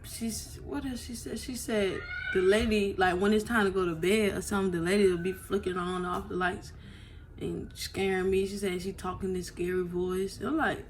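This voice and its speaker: A woman's voice: medium pitch, fairly even intonation, moderate pace, slight background noise. A woman vlogger telling her story to viewers on a phone, emotional and blunt, swearing freely and often asking "you know what I'm saying".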